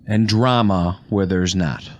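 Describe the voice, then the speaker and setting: A man's voice: deep voice, takes it slowly. A man guesting on a sports podcast, telling stories and giving blunt, opinionated takes. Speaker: guest co-host. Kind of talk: casual sports chat.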